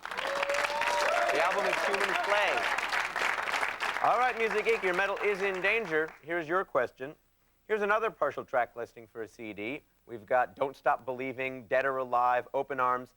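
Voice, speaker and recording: High-voiced energetic game show host man. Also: moderate pace, some chatter behind, slight background noise. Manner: energetic, announcer-like. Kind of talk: upbeat game show hosting. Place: TV studio. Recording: studio with audience and music. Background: studio audience and show music.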